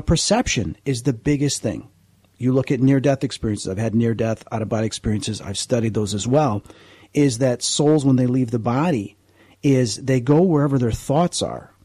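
A man's voice: medium pitch, moderate pace, warm tone, breathy edge, no echo. A man who investigates the paranormal, a guest on a radio interview, explaining at length in an earnest, rambling way with frequent restarts.

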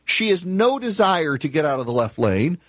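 A man's voice: fairly high pitch, very animated, moderate pace, no echo. A man hosting a talk show, telling stories in an exasperated, ranting monologue. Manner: exasperated, laughing, storytelling.

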